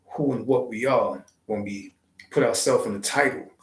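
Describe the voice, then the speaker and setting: A man hosting his channel, giving a slow, reflective spiritual talk with deliberate, drawn-out phrasing. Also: mid-range voice, roomy sound, poor audio. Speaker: channel host.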